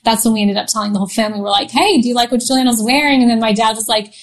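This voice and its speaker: A woman's voice: fairly high pitch, rapid-fire, poor audio. A woman in her thirties, a podcast guest, telling a personal story in a chatty way with frequent laughs and restarts. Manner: chatty, laughs often, many fillers and restarts. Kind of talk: casual storytelling in an interview.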